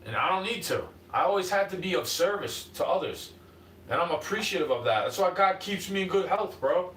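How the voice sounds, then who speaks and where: A man's voice: high-pitched, expressive, brisk, a bit bright, a little hiss or hum. A man ranting on a livestream, sarcastic and profane, mocking the people he argues with. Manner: mocking, mimics opponents. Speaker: livestream host. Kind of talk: unscripted rant. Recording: echoey room, far from mic, faint background ambience.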